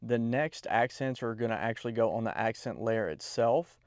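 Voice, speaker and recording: Guy doing a relaxed drawing tutorial voiceover, mid-pitched, dry close mic. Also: moderate pace, dry recording. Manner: relaxed, explains step by step with fillers. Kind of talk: screen-recorded drawing tutorial.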